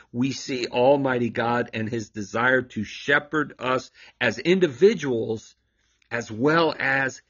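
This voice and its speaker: A man's voice: medium pitch, fairly bright tone, husky, lo-fi sound. A man hosting a scripture reflection show, explaining Bible readings in an emphatic, preacherly way with rhetorical questions.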